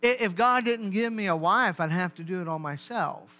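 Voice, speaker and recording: A man pastor delivering a sermon, animated and repetitive, calling out to the congregation. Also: high-pitched, normal speed. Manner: animated, repeats words, calls to congregation.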